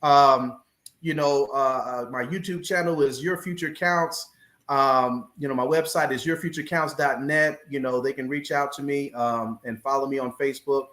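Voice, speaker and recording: Preaching pastor guest in an echoey room. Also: male voice, mid-range voice, steady tone, normal speed, a bit bright. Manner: preacherly, building passion, repeats key phrases. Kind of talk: preaching in a podcast interview.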